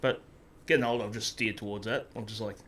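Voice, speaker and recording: A man, co-hosting a podcast and telling stories quickly and with self-mockery. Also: fairly low pitch, fairly even intonation, fairly bright tone. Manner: quick, self-mocking storytelling. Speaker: podcast co-host. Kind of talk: casual chat.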